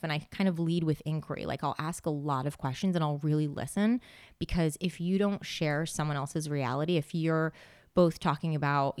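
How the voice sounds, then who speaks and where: A woman with a notably low voice chats in a relaxed conversational way, often slipping into quoted asides as she tells a story. The sound is dry and close, with no room around her. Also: smooth, dry recording. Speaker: podcast guest. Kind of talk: casual conversation.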